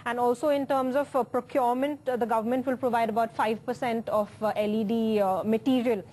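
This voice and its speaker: A woman moderating a panel discussion, asking brisk questions with frequent fillers. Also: a little high, steady tone, darkish tone.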